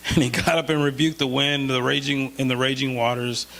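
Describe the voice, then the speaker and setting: A male pastor preaching a conversational sermon in a church, slowing down for scripture and rising when he voices a plea. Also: medium pitch, fairly even intonation, vocal fry, fairly bright tone. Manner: conversational, slows for scripture, rises when pleading.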